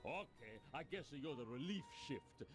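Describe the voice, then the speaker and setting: A man's voice: mid-range voice, animated, normal speed, close to an everyday voice. A man voicing a dim, chatty guard. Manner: rambling and easygoing. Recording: game audio with music underneath.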